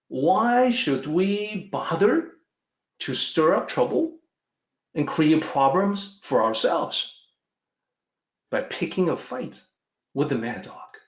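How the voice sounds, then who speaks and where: A man doing a calm, wise father lion. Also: fairly high pitch, slow, long pauses. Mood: patient. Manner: patient, reasoning. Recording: roomy, dull lo-fi audio.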